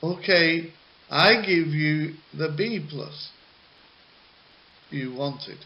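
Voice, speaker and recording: A strict male teacher acted out by a man in his own voice questions a student in a brisk, very slow way. The recording is a little muffled, with faint hiss behind it. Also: a little high. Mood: stern.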